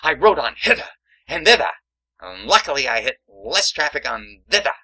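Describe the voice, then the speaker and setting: A man's voice: mid-range voice, sing-song, normal speed, sharp tone, exaggerated voice, poor audio. A man playing a lovesick, pompous colonial tinker, speaking in florid mock-old-fashioned phrases with hammy comic delivery. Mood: lovestruck. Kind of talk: stage comedy acting.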